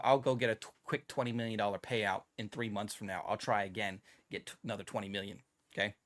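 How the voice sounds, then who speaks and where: A man's voice: medium pitch, fairly bright tone. A man hosting a casual tech news podcast, sarcastic and laughing often as he comments. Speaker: podcast host.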